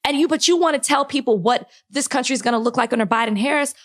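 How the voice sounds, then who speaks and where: A woman's voice: high voice, fast talker. A woman co-hosting a podcast, speaking with impassioned frustration and close to crying, with many restarts. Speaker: podcast co-host. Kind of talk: heated podcast conversation.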